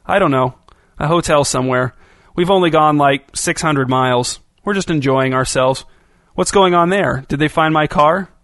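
A woman's voice: low-pitched, moderate pace, no room sound, studio quality, lightly acted. A male narrator voicing a restless, adventurous woman on the run who talks bluntly and impatiently in a storybook reading. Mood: agitated.

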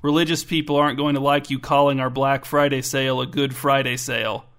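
A man's voice: medium pitch, level tone, fairly quick, a bit bright, lightly acted. A man voicing a sensible middle-aged woman shopkeeper who talks in a dry, skeptical way.

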